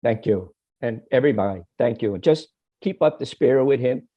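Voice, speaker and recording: A man on a video call panel, haltingly recalling a late friend with many restarts. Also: medium pitch, lively intonation, highs cut off.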